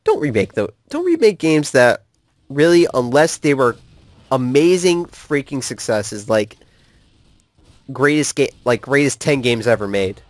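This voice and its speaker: A man in a casual ranting chat, animated and laughing often, throwing in curses as he gets worked up. His voice sits at an ordinary middle pitch, and the sound is dry and close, with no room echo. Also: measured pace. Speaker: co-host of a gaming channel.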